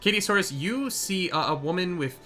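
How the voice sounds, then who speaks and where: A man narrating as game master in a live tabletop charity game, excitable and swearing freely. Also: high voice, a little fast, soft background music.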